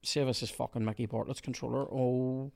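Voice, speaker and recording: A Northern Irish man hosting a podcast, chatting casually and swearing in excited bursts while playing a football video game. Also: medium pitch, fairly quick, vocal fry. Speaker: podcast host. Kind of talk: casual gaming chat and commentary. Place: indoors with a small audience.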